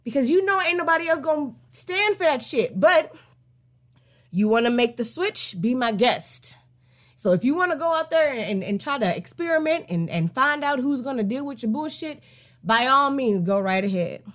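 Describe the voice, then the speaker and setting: A woman hosting a casual song breakdown, talking emphatically with plenty of swearing. She moves between heated rants and slow, drawn-out musing. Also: sits high, animated, fairly bright tone. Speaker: podcast host.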